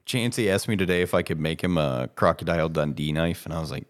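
Very deep-voiced blunt podcast man. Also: quick pace. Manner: blunt, profane, laid-back. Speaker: podcast co-host. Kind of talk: casual chat.

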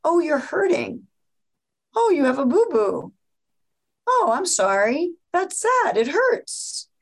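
A woman voicing a gentle mother comforting a hurt child in a tender, cooing sing-song. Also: sits high, very animated, slow pace, voice pushed up, heavily acted. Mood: soothing.

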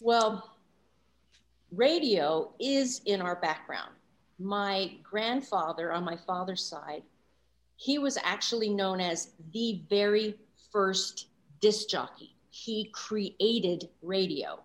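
A sixty-year-old woman from Los Angeles talks as an interview guest. Her voice sits at a middling pitch, and she talks with eager enthusiasm. She often pauses on fillers. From Los Angeles, USA. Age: 60s. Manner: animated, enthusiastic, frequent fillers. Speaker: guest voice actor. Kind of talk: casual interview chat.

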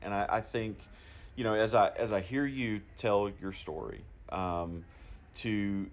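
A man hosts a podcast interview in a fairly low voice. He talks haltingly, restarting phrases as he searches for the right words. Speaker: podcast host.

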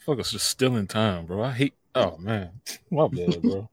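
A man with a low voice trades blunt, profane banter on a casual podcast. His pitch swings around a lot. The sound is dry and close. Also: expressive, normal speed, husky, no room sound. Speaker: podcast co-host. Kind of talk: casual chat.

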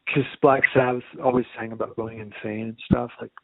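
Gravelly man on a tinny line. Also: mid-range voice, level tone, brisk, dry recording. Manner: easygoing, chuckles often, trails off with fillers. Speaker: podcast co-host. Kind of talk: casual chat about a rock album. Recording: dry, thin phone-like sound.

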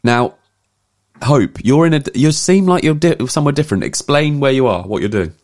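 A man's voice: mid-range voice, normal speed. A man hosting a casual podcast chat, often restarting his sentences. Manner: hesitant, restarts, lively. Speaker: podcast host.

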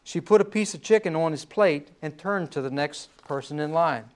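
A man's voice: on the high side, normal speed, a little mellow. A male pastor preaching a sermon in a conversational way, often repeating phrases and checking in with "right?".

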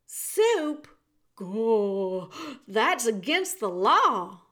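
A woman voicing a loud, clumsy twelve-year-old serving girl who is hard of hearing and talks in blunt, rustic speech. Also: a little high, very animated, very slow, exaggerated voice. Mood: blunt, earnest.

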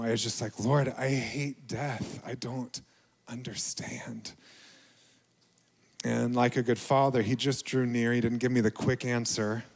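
Slow-speaking male pastor preaching. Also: mid-range voice, long reverb tail. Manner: reflective, confessional, slow with soft dips. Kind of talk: sermon.

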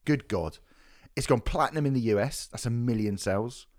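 A man's voice: medium pitch, normal speed, darkish tone, dry recording. A man co-hosting a podcast, reading reviews aloud with dry, sardonic asides and swearing. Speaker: podcast co-host.

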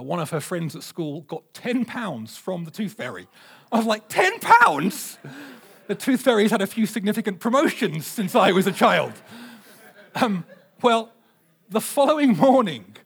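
A man, preaching a sermon with animated, humorous storytelling. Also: high voice, moderate pace, gravelly, husky. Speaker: pastor.

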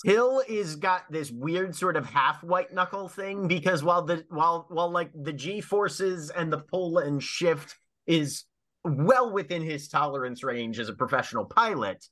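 A man's voice: fairly high pitch, measured pace. A man chatting and joking as a player in a tabletop game. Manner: animated, joking. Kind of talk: casual tabletop game chat.

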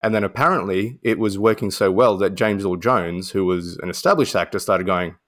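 A man co-hosting a casual film podcast, telling anecdotes in a relaxed way. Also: deep voice, brisk. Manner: relaxed storytelling, uses "mate". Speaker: podcast co-host.

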